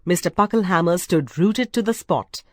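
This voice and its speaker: A woman narrating a storybook in a measured, expressive way. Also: lowish voice, noisy background. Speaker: reader.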